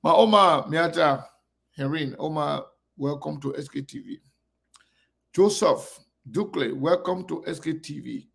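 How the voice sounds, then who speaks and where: A man's voice: fairly high pitch, measured pace, fairly bright tone. A man hosting a casual live-stream, greeting viewers one by one by name. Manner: gravelly. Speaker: online show host.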